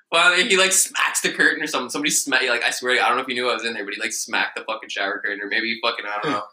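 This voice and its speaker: A man's voice: mid-range voice, fairly even intonation, rapid-fire, sharp tone, low-quality recording. A young man telling crude stories in a casual podcast chat, swearing freely. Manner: crude, storytelling, laughing.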